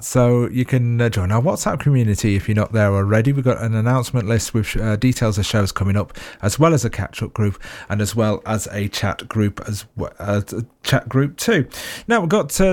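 Male radio host, loose and chatty, mid-pitched, studio mic. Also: darkish tone. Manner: chatty, rambling with fillers and restarts. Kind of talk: radio show links.

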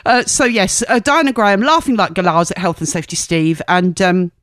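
A woman's voice: medium pitch, a little fast, no echo, clean studio sound. A woman presenting on the radio in a chatty, rambling way, correcting herself and laughing at her own slips.

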